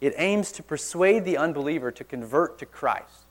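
A man preaching a sermon in church, earnest, pressing hard on key words and then dropping suddenly quiet. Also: on the high side, lively intonation, normal speed. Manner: earnest, forceful emphasis with sudden quiet drops.

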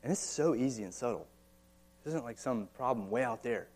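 A man's voice: medium pitch, expressive, a little fast, darkish tone. A man in his thirties with an American accent, preaching a sermon in a conversational way with frequent rhetorical questions and casual asides. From United States. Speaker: pastor. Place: church or meeting hall.

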